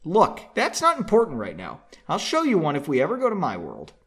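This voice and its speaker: An earnest young man from a storybook who presses his companion with insistent, puzzled questions, read out by a man. The voice sits a little high and moves lively. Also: fairly quick, full character voice. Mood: explaining.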